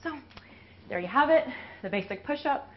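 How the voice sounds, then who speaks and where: A woman's voice: high voice, animated, moderate pace. A woman fitness instructor talking casually through a push-up demonstration, out of breath as she works. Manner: talks while doing push-ups. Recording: dull lo-fi video audio with faint hiss.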